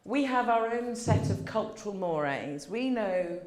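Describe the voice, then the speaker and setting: A woman's voice: mid-range voice, animated, unhurried, darkish tone. A woman giving a joking, chatty conference talk and bantering with the audience. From England. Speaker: conference speaker, doula. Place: conference hall. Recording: echoey conference hall.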